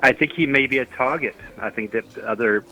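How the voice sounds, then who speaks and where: A man's voice: mid-range voice, brisk, bright, forceful tone. A man calling in to a comedy show, hesitant and stammering. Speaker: caller. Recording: dull phone line.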